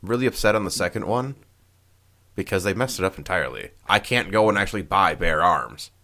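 A man's voice: deep voice, lively intonation, a little fast, pushed and bright. A man hosting a casual podcast, joking and swearing, laughing often and trailing off mid-sentence. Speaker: podcast co-host.

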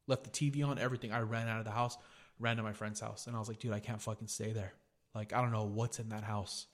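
A man's voice: on the low side, little pitch movement, fast. A young man hosting a podcast, telling a story in a casual, profane way and saying "dude" a lot. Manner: profane, laid-back, says "dude" a lot. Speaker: podcast host.

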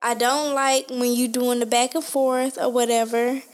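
A woman's voice: a little high, normal speed. A woman co-hosting a casual podcast chat, retelling a story with acted-out quotes and plenty of swearing. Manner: animated storytelling, acting out quotes, profane. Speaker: podcast co-host.

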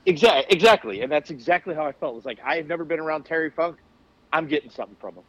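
On a lo-fi recording, a wrestler on a podcast guest spot rattles off candid, profane stories in rapid-fire fashion with a voice on the high side. His storytelling is casual and animated.

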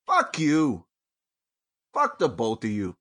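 A man hosting his own show from home, ranting angrily and with heavy profanity, jumping between loud outbursts and low mutters. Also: huge pitch swings, slow. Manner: angry, profane, swings from shouting to mutters. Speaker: podcast host. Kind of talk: profane solo rant.

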